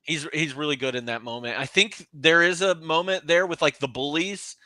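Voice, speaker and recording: A man co-hosting a casual movie podcast, with a bright, forward tone and a relaxed, laughing manner as he moves the conversation along. The sound is dry and close, with no room in it. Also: fairly high pitch, moderate pace, dry recording. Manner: relaxed, laughs often, runs the segments. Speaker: podcast co-host. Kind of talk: casual movie review chat.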